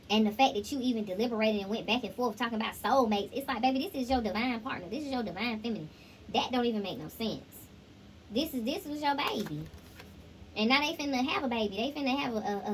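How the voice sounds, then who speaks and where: A woman's voice: high-pitched, slight background noise, poor audio. Chatty woman giving a tarot reading. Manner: chatty, sings snippets, addresses viewers directly. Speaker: tarot reader.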